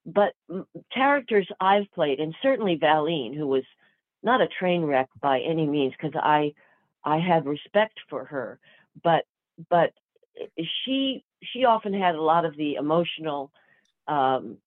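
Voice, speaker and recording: Older woman, animated storyteller full of restarts, tinny phone-like audio. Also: deep voice, measured pace, no room sound. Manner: lively, chatty, full of fillers and restarts. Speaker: actress guest. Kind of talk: storytelling interview answers.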